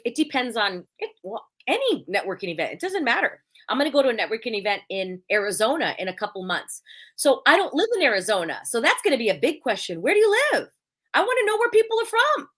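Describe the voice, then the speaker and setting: A woman's voice: fairly high pitch, big pitch swings, a little fast, sharp tone. A woman hosting a casual podcast chat, blunt and emphatic, acting out little quoted exchanges. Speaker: podcast host.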